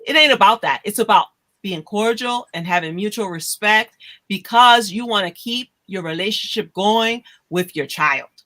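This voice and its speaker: Bright-voiced woman hosting a chat. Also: medium pitch, moderate pace. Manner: animated storyteller, acts out quoted voices. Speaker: host. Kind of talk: casual podcast chat.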